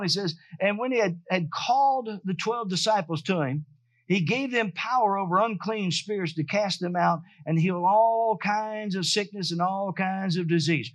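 Older male pastor, lively preaching. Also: high-pitched. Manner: storytelling, punctuated with hallelujahs and amens. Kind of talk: sermon. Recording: dry, dull lo-fi sound.

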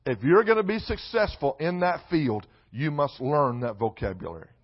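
A man preaching a sermon in a church, mixing loud emphatic lines with comic asides. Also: on the high side, lively intonation, moderate pace, muffled recording. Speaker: pastor. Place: church sanctuary.

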